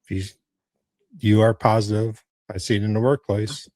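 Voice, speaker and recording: Man, podcast host, lowish voice, calm and agreeable, dry close sound. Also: normal speed, no echo. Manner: calm, agreeable, short affirmations. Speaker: podcast host, paranormal investigator. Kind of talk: casual interview chat.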